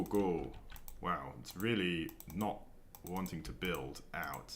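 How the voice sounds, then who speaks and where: Man, low voice, sharp bright tone, game streamer, rambling, thinking aloud, ums. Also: slow pace, a little hiss or hum. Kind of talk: casual chat while building in a video game. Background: faint keyboard clicks and typing.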